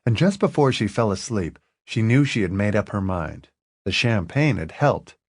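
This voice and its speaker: A man narrating an audiobook in an expressive, lively reading. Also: lowish voice, moderate pace, dry recording, clean studio sound.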